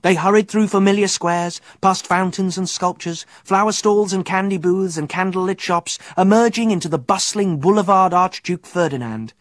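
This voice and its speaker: Brief: a male children's audiobook narrator, measured, dry booth sound. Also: sits high, no room sound.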